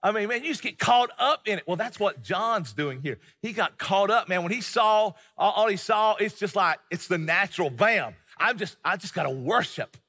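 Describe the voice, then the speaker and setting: A middle-aged male pastor preaches in a high, bright voice that rings out with a long reverb through a church hall. He keeps it conversational, piling on fillers and quick restarts. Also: expressive, slightly rough. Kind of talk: sermon.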